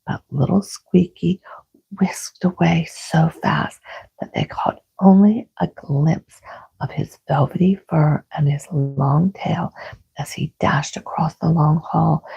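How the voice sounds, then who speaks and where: A woman storyteller reading aloud in a soft, soothing whispered bedtime reading. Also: low-pitched, steady tone, slow pace, vocal fry, breathy edge. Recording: dull lo-fi sound.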